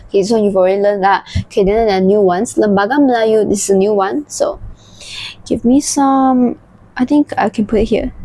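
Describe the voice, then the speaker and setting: A woman's voice: a little high, dark tone, no echo. A young woman with a Malaysian accent gives a casual revision lesson as a history tutor, mixing English and Malay and explaining keywords as she draws. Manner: switches between English and Malay, explains keywords while drawing.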